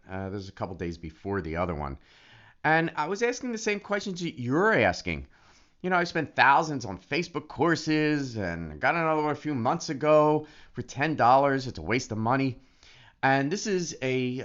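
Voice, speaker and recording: Man, vlog chat, excitable, very lively pitch, dull lo-fi sound. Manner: excitable, animated, many restarts. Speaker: affiliate marketer. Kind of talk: casual vlog talk to camera. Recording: dull lo-fi recording.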